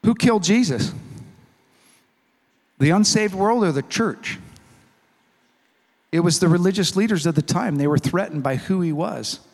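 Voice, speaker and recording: A pastor preaching a relaxed, funny sermon to his church, telling stories and voicing the people in them. His voice sits a little high for a man. The sound rings with the long reverb of a large hall. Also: unhurried, long pauses. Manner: animated storytelling with acted-out dialogue; conversational and humorous.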